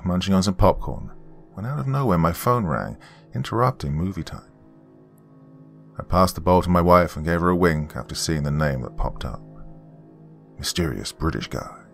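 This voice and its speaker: A man narrating a horror story in an expressive, scripted storytelling way. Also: low-pitched, creaky. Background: faint background music.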